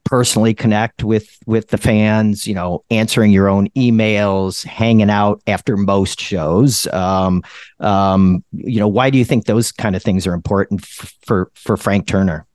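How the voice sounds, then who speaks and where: A man hosting a casual interview, halting and repeating words as he starts his questions. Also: lowish voice, steady tone, a little mellow, dry recording, clean studio sound. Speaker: podcast host.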